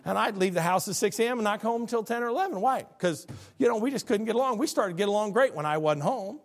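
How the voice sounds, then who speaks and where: A middle-aged man preaches to a congregation in a fairly high voice. His delivery is plain and folksy, and he walks through terms one by one. He keeps posing rhetorical questions to the room. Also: expressive, fast talker. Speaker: pastor. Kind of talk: sermon. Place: church service before a congregation.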